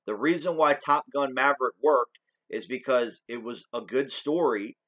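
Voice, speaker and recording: A man's voice: medium pitch, moderate pace, fairly bright tone, low-quality recording. A man hosting a commentary video, ranting heatedly about movies with lots of swearing and repetition. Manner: heated, profane, repetitive rant. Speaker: commentary channel host.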